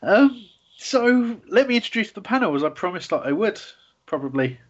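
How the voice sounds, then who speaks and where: A man's voice: sits high, very animated, moderate pace, breathy edge. A man hosting a casual football fan radio show, rambling with lots of fillers and restarts. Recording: dull lo-fi sound.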